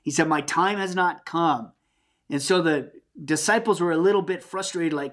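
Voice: medium pitch, moderate pace, fairly bright tone. A Bible teacher giving a conversational sermon, earnest and plain-spoken, often restarting and adding asides.

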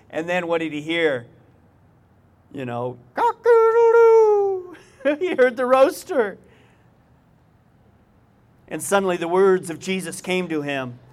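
A man with a high-pitched voice preaches a sermon to his congregation. He keeps it conversational, drops in folksy asides and puts questions straight to his listeners. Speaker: pastor.

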